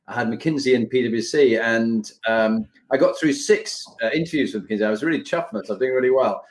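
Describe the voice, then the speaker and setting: A man's voice: medium pitch, brisk, poor audio. A man hosting an interview, chatty and telling his own stories. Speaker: host. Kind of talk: casual podcast interview.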